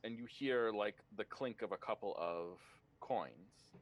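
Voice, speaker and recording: Male game master, lowish voice, hesitant narration full of ums, tabletop play. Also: a little slow, highs cut off. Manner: hesitant, many ums and uhs.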